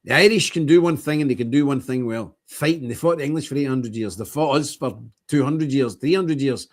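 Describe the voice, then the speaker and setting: A man's voice: mid-range voice, fairly quick. A man hosting a livestream, talking bluntly and emphatically, chuckling often. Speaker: livestream host. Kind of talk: casual ranting monologue.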